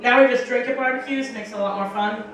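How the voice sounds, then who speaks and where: Performing stand-up to a live audience on a small bar stage, a young woman talks fast in a fairly high, steady voice, with slight background noise. She tells profane stories with acted-out quotes; the mic is distant and the room echoey.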